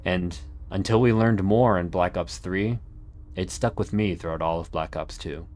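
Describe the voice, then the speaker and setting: A man narrating a scripted video essay in an earnest, measured way with dramatic pauses. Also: low-pitched, a little mellow, slight background noise. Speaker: YouTube narrator.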